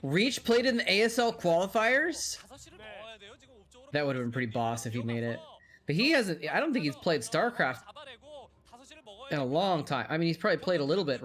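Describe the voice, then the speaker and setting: A man's voice: mid-range voice, a bit bright. A man streaming a watch party of old pro games, giving casual commentary and chatting with viewers in a rambling, easygoing way. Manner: rambling, chatty, reading chat aloud. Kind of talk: casual game commentary and chat.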